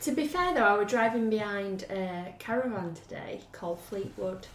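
A woman's voice: mid-range voice, animated, normal speed. A woman in a casual chat, chipping in with quips and questions. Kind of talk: casual watch-along chat. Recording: distant, echoey, with faint noise.

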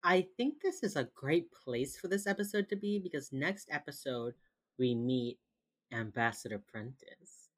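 A woman with a strikingly deep voice co-hosts a casual podcast. She retells a TV episode in a loose, chatty way, leaning on "like" and "you know". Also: a little slow. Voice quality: very low-pitched, relaxed storytelling with lots of "like". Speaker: podcast co-host recapping a TV episode. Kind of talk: casual chat.

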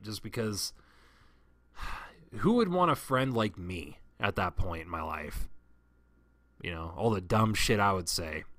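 A man's voice: fairly low pitch, fairly bright tone, no room sound. A man telling a long personal story in a casual, profane, rambling way, often restarting his sentences.

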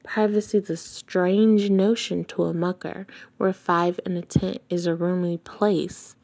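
On a casual home-recorded podcast lacking studio soundproofing, a woman reads a novel aloud, correcting misreadings and chatting between passages. She's slow and gravelly with wet mouth sounds, her lowish voice level and a little mellow.

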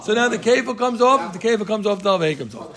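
Man, high voice, gravelly, Talmud class leader, animated, repeats and acts out cases. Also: fast talker, crowd noise. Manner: animated, excitable, explains by repeating and acting out cases. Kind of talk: lively Talmud study session.

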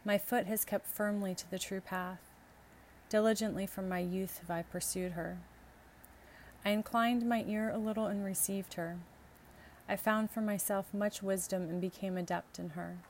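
A woman reading scripture and canticles aloud in a measured, steady liturgical style. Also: medium pitch, slight background noise. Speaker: scripture reader.

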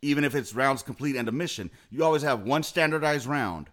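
A blunt, foul-mouthed podcast co-host keeps the chat casual and profane, speaking emphatically. His mid-range voice is brisk and fairly bright.

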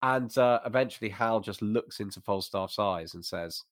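Guy chatting about a play, fairly low voice, keen and quick to restart himself, dry close sound. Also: dry recording. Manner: enthusiastic, talks in bursts with restarts. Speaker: podcast co-host. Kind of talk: casual literary discussion.

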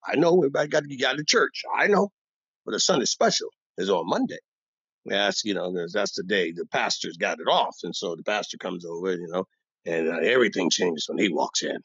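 An actor playing an older, bossy, old-school barbershop owner who rambles and boasts in street talk, delivered as a comic monologue. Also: male voice, sits low, fairly quick, a bit bright, breathy edge, no echo, heavily acted. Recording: dull dry lo-fi recording.

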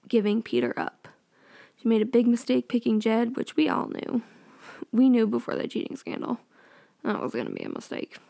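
A woman's voice: on the high side, creaky, mellow. A young woman chatting casually and sarcastically as a vlogger recapping a TV show, full of opinions. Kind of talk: casual chat.

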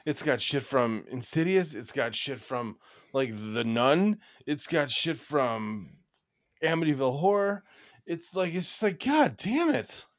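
A man chatting casually about a film, quick, sarcastic and profane. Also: medium pitch, lively intonation. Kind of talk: casual movie review chat.

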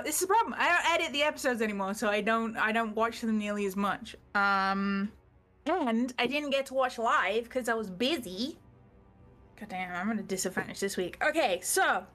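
Bright-voiced woman chatting thru a game recap, swears a lot, kinda high. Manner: chatty, swears freely, laughs often. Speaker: tabletop game player recapping the last session. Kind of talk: casual live-stream chat.

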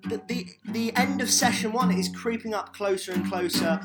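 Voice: medium pitch, moderate pace. British host, chatty, self-mocking, guitar music behind. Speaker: podcast host at a summer camp. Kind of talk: casual podcast chat.

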